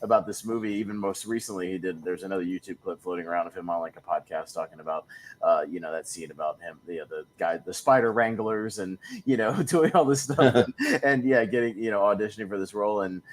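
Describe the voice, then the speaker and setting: A man's voice: deep voice, fast. A man hosting a casual movie podcast, rambling with many fillers and frequent laughs. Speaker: podcast host.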